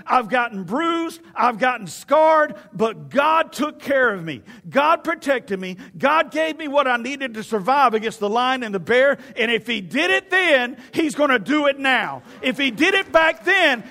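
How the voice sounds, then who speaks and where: A man preaching, voicing a bold, defiant young shepherd with fervent, near-shouted delivery. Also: very high voice, pitched above the performer's own voice, exaggerated voice.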